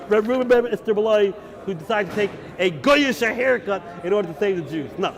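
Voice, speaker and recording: High-voiced rabbi telling a story. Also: male voice. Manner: animated, conversational, uses Hebrew and Yiddish terms. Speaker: rabbi teaching. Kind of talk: animated storytelling lesson. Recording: class recording with listening crowd.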